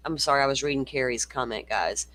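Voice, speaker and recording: A man's voice: mid-range voice, fast, a bit bright, no room sound. A middle-aged man hosting a casual true-crime livestream, swearing freely and reading viewer comments aloud. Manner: profane, ranting, reads viewer comments aloud.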